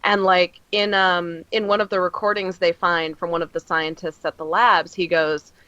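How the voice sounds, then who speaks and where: A woman's voice: fairly low pitch, little pitch movement, moderate pace, pushed and bright, no echo, highs cut off. A woman co-hosting a comics podcast, chatting casually and effusively with lots of fillers as she retells stories. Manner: rambling and effusive, many fillers, acts out scenes. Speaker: podcast co-host reviewing comics. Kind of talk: casual chat.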